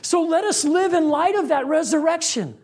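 A man preaching a sermon with rhythmic refrains, building intensity and dropping low on key lines. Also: normal speed, darkish tone.

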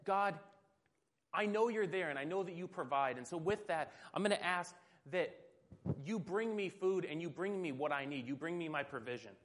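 A man's voice: a little high, moderate pace, lightly acted. A preacher voicing a devout old woman praying. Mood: trusting. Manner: earnest pleading prayer.

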